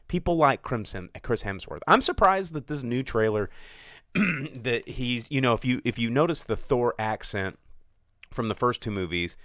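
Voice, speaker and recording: A man co-hosting a podcast, talking about films in a casual, animated and sarcastic way, often mocking others in put-on voices. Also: mid-range voice, moderate pace, no echo, clean studio sound. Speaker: podcast co-host. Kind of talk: casual film chat. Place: studio.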